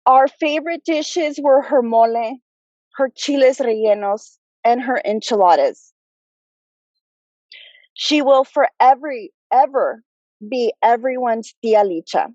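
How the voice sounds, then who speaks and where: Woman, slow and choked up, soft mellow voice, muffled dry video-call audio, memorial tribute. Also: on the high side, expressive, dry recording. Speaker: family member giving a tribute. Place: outdoors at a cemetery graveside.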